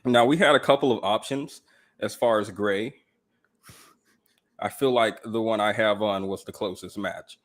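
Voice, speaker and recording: A man from Georgia with a Southern accent, a guest in a casual livestream chat, joking in a dry, deadpan way. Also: lowish voice, unhurried, long pauses.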